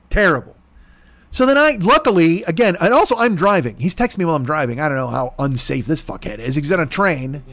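A high-voiced man rants through a comic story, his pitch swinging wildly as he mocks his friend's voice and swears freely. The sound is dry and close, with no room around it. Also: fast, no room sound. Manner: animated, exasperated storytelling with mocking impressions. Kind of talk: profane comedic rant.

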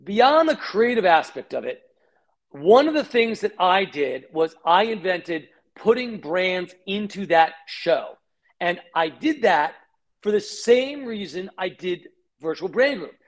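A middle-aged man, a company founder, telling career stories in an interview, fast and animated, acting out the voices of people he quotes. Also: sits high.

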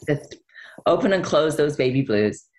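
A woman's voice: deep voice, darkish tone, a little hiss or hum. A woman answering interview questions in a rambling, easygoing way, with lots of fillers and laughter. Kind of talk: casual interview chat.

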